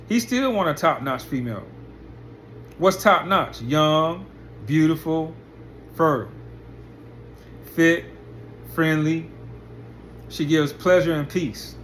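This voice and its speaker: In this clip a man rants bluntly and with profanity, stacking rhetorical question upon rhetorical question as a commentary channel host. His slightly bright voice sits above the typical male range, and a faint noise hiss runs underneath.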